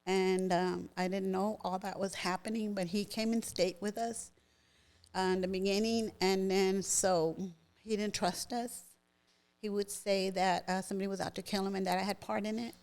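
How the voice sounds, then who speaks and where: A middle-aged woman speaks as a podcast guest, telling a personal story with feeling. She talks at an ordinary pitch for a woman and often slips into the voices of the people in her story. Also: fairly even intonation, normal speed, darkish tone. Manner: vivid, emotional retelling that acts out others' words.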